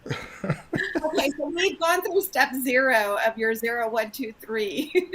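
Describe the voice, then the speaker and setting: Woman cohost, high voice, chatty and giggly. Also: lively intonation, slow, crowd noise, rough recording. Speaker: podcast co-host. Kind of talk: casual chat.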